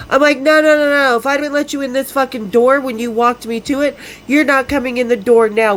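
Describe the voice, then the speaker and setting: A woman's voice: a little high, poor audio. Woman in her fifties, from Utah, podcast host telling stories casually, frank and profane, slight background noise. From Salt Lake City, Utah. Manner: blunt, profane, laughs often. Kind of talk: casual storytelling.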